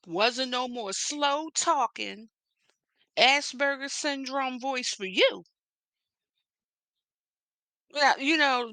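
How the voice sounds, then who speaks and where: A woman with a Philadelphia accent delivers sassy, profane gossip commentary at a slow, deliberate pace. Her voice is bright and forceful, and she hits her stressed words hard. The recording is dry and close. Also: medium pitch, dry recording. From Philadelphia area. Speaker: commentary vlogger.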